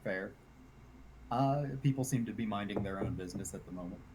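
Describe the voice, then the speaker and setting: A man running a tabletop game as game master, narrating in a relaxed way. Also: lowish voice, fairly quick. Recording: noisy background hiss.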